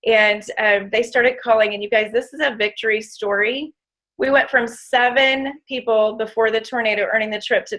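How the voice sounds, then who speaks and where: A woman tells her story as an inspirational talk, and her voice sits a little higher than most. She speaks with feeling and leans hard on her key points, turning often to the audience. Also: a bit bright, low-quality recording. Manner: emotional, emphatic, addresses audience as "you guys". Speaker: motivational speaker.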